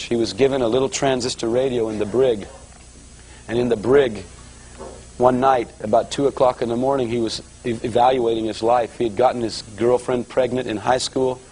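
A man preaching to a church audience, telling his conversion story in a lively storytelling manner and acting out the voices of others. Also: mid-range voice, rough recording. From Los Angeles area. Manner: animated storyteller, voices quotes, rising excitement. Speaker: guest preacher giving testimony. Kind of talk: sermon testimony storytelling.

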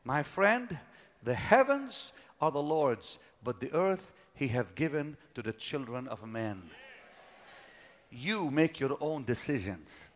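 Dramatic preacher man, hushed to shouting. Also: medium pitch, very animated, slow pace. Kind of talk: sermon storytelling.

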